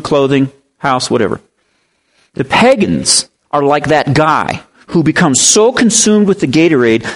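Male pastor, sermon, higher voice, very animated delivery, storyteller. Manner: animated storyteller, swings pitch for emphasis; explains Greek word meanings.

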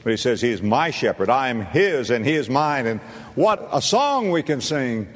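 A man preaching a sermon to a congregation, swinging between low, quiet asides and high, ringing exclamations. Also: sing-song, normal speed, in a large hall. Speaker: pastor. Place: church sanctuary.

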